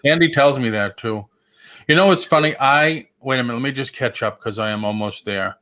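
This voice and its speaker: A man's voice: mid-range voice, brisk, background noise. A man hosting a casual livestream chat, joking and rambling with lots of restarts. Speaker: host.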